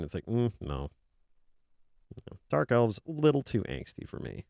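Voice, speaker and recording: An art streamer at an indoor desk chats casually and jokes around, rambling as if he were a kobold while keeping his own voice. His lowish voice is gravelly and darkish with big pitch swings at a moderate pace, recorded in clean studio sound with no room sound.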